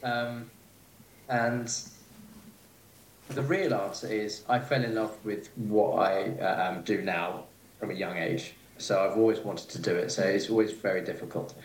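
A man's voice: on the low side, steady tone, a little slow. A man, a chef chatting as a podcast guest, rambling and hesitant with frequent fillers and easy laughter. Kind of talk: casual interview chat. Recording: echoey room with faint noise.

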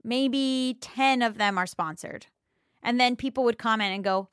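A woman's voice: fairly high pitch, normal speed, a bit bright, clear, resonant tone, dry recording, clean studio sound. A woman in her thirties, a YouTuber, speaking frankly and with animation in a candid interview, with some swearing.

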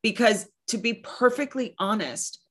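A woman's voice: a little high, measured pace, a bit bright. Earnest woman talking about parenting. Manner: earnest, emphatic, acts out quoted voices. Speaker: podcast host and guest speaker. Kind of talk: casual conversational chat.

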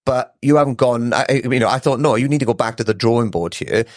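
A man's voice: mid-range voice, fast, no room sound. A man chatting casually as a podcast guest in a studio, rambling, swearing freely and laughing often. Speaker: podcast guest, ultra runner. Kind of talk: casual chat.

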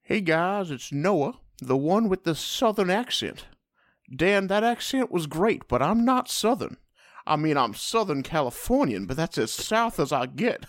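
A man co-hosting a comedy podcast reads out listener mail with a playful, deadpan delivery. His pitch swings widely, and the sound is dry and close-miked. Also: unhurried, no echo. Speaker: podcast co-host.

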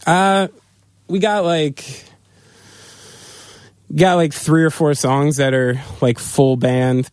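A man's voice: mid-range voice, darkish tone, no room sound, studio quality. A man, a band's drummer, telling tour stories in a loose, casual way with lots of fillers and swearing. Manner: loose, swearing, laughing storyteller with many fillers. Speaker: band drummer, guest. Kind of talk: casual interview storytelling.

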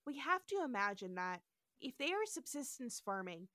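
A woman hosting a podcast, recapping an episode in a casual, animated storytelling style. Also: fairly high pitch, moderate pace, no echo, clean studio sound. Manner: animated storytelling with frequent voices and laughter. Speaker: podcast host.

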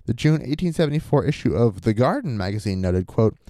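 A man's voice: medium pitch, big pitch swings, a little fast, warm tone, no room sound, studio quality. A man co-hosting a podcast, telling a story in casual chat, reading quotes aloud and adding wry, sarcastic asides. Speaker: podcast co-host.

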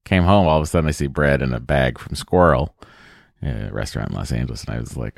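A man's voice: rumbling low, expressive, fast, creaky, dry recording, clean studio sound. A man co-hosting a podcast, chatting casually and joking, rambling with fillers. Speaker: podcast co-host. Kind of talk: casual chat.

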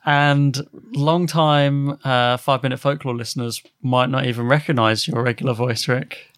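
A man hosting a podcast in casual chat, laughing often and filling pauses with hesitant ums. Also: medium pitch, fairly even intonation, clear, resonant tone, no room sound, clean studio sound. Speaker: podcast host.

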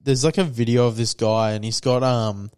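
A man co-hosts a crude, casual podcast. He rambles through stories, acts out the other people in them, and swears freely, at a middling pitch. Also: fairly even intonation, normal speed, darkish tone, clean tone. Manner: rambling storytelling, swears a lot. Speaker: podcast co-host.

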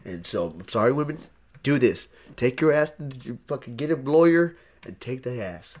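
A man co-hosting a casual podcast chat, animated, swearing freely and reciting lyrics with emphasis. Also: mid-range voice, normal speed. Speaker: podcast co-host.

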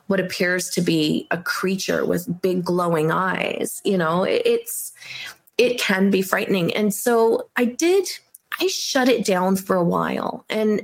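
Earnest middle-aged woman, gravelly edge. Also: mid-range voice. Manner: earnest, rambling with many fillers and restarts. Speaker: medium, podcast guest. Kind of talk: casual interview talk.

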